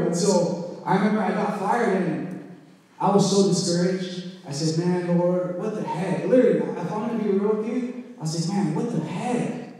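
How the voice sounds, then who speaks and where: High-voiced preacher man in echoey hall. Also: moderate pace, warm tone. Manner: conversational preaching, frequent "right?" asides. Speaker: church speaker sharing testimony. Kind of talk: preaching testimony. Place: church sanctuary. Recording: echoey hall heard from far off.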